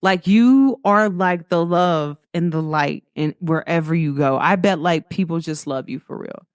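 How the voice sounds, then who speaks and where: A woman's voice: fairly low pitch, unhurried, no room sound, studio quality. A young woman, hosting a casual spiritual pep talk and acting out quoted voices with frequent laughs. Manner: animated storytelling, acts out quoted voices, laughs often. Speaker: host.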